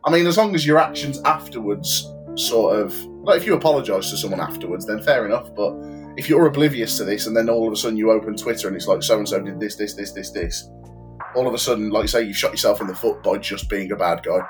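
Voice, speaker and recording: A man's voice: on the low side, lively intonation, quick pace, over music. Chatty man talking wrestling. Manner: chatty, peppered with "like" and "do you know what I mean". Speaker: wrestler and promoter. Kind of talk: casual podcast chat.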